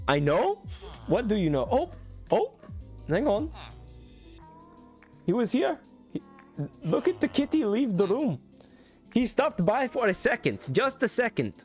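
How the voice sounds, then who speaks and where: A man streaming a game, talking in a put-on Indian accent with a higher, playful voice that repeats itself. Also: exaggerated voice. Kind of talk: mock-accent bit during a live mod review.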